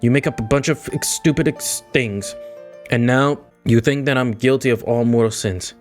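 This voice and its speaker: Guy reading a cold bitter teen girl, short curt lines, soft music under it. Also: mid-range voice, moderate pace, close to an everyday voice.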